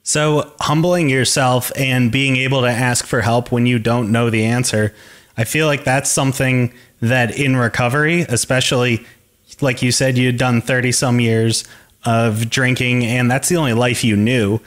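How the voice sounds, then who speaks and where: A man's voice: medium pitch, fairly even intonation, moderate pace, fairly bright tone. A man hosting a recovery podcast, talking in an earnest, reflective way and thinking aloud. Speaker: podcast host, coach. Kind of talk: reflective interview talk.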